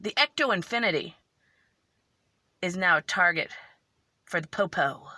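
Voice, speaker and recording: A woman vlogger telling a story in a casual, animated way, tearful and emotional. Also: fairly low pitch, unhurried, no echo.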